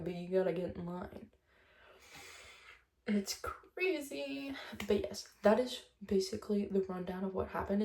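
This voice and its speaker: Gravelly-voiced young woman telling a story. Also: mid-range voice, dark tone, reverberant. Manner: chatty, swears often, retells dialogue with "I was like". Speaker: vlogger. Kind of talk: casual storytime monologue.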